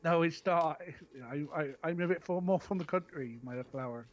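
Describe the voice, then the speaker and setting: Cornish man, casual streamer; slightly high, stop-start delivery, dull low-fi sound. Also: moderate pace. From Cornwall, England. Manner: hesitant, repeats words, calls others "my flower". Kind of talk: casual chat.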